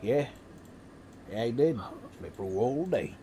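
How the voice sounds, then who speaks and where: A man's voice: medium pitch, lively intonation, slow pace, dark tone, slight background noise. A man voicing an old rustic male gardener with a put-on West Country accent, rambling in folksy dialect. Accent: West Country English, put on.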